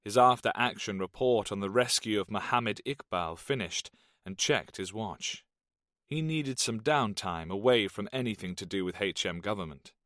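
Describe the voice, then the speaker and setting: A man narrating an audiobook in a steady, even reading. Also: lowish voice, moderate pace, no echo, studio quality. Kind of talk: scripted narration.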